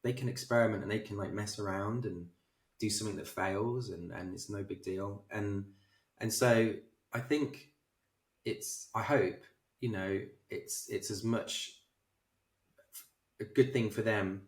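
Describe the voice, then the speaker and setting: A man's voice: fairly low pitch, unhurried, long pauses, far from the mic. Man telling stories in an echoey room. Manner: animated anecdotal, self-deprecating. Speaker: film director, interview guest. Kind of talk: casual interview storytelling. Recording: roomy echo.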